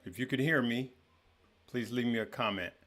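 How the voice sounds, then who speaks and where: A man's voice: mid-range voice, normal speed, a bit bright. A man hosting a casual live stream, greeting viewers by name and chatting loosely with frequent fillers. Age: adult with children. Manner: greets viewers by name, stumbles over names. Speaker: livestream host. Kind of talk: casual livestream chat.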